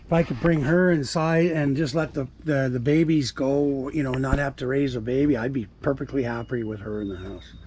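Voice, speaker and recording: A man's voice: mid-range voice, fairly even intonation, moderate pace, few pauses, a little mellow. Man, casual rambling vlog, swears casually, faint background noise. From Canada. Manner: rambling, chatty, swears casually, self-deprecating. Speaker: vlogger. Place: home and yard with animals, partly outdoors.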